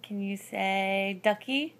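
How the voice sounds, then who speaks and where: A woman's voice: mid-range voice, slow, a bit bright, slight background noise. A mother coaxing her toddler in baby talk, sing-song and often laughing.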